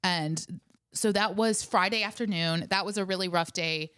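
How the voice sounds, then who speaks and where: A woman's voice: on the low side, normal speed, fairly bright tone, smooth, dry recording. Earnest woman co-host, dry close sound. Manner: earnest, recounting events step by step. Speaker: podcast co-host. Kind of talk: casual storytelling chat.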